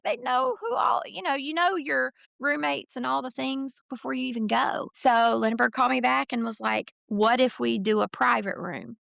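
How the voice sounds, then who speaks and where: Woman, middle-aged, podcast guest, casual storytelling, strong vocal fry, dry close recording. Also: fairly high pitch, a bit bright, no echo. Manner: chatty, retells conversations in quoted voices, many fillers. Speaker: podcast guest, mother of a college football recruit.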